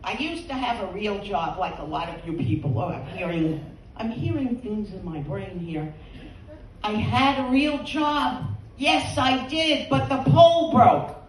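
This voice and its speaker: A woman's voice: medium pitch, animated, a little slow, a little hiss or hum. Bawdy New woman in her eighties. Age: 80s. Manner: bawdy, teasing the audience, laughing at her own jokes. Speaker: stand-up comedian. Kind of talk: stand-up comedy routine. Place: comedy stage before a live audience. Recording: roomy, distant stage sound.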